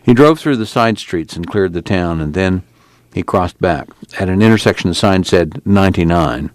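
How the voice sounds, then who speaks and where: A man reading a novel aloud for a radio reading service in a measured, plain narration. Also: low-pitched, animated, no room sound. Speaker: radio book reader.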